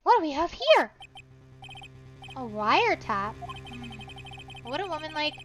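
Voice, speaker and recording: A woman's voice: high-pitched, very animated, a little slow, over music. A woman voicing an earnest, jumpy young male defense lawyer in a fan dub of a game, muttering to herself with sudden dramatic outbursts.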